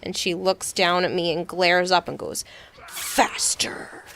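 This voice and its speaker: A woman streaming a game, chatting casually and telling animated stories with lots of laughter. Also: on the low side, normal speed. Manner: giggly, animated storyteller. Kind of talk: casual chat while gaming.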